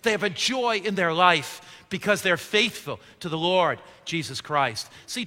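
A man delivers a sermon as pastor, his voice high and strikingly bright. He tosses questions out for the congregation to finish, and the sound rings with a long hall reverb. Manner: call-and-response questions to the congregation.

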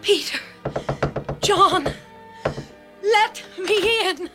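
A distraught high-voiced disciple. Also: female voice, extremely slow, over music, exaggerated voice. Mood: breathless. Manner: tearful, breathless, distraught. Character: grieving young woman disciple at the tomb, Mary. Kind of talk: radio drama acting.

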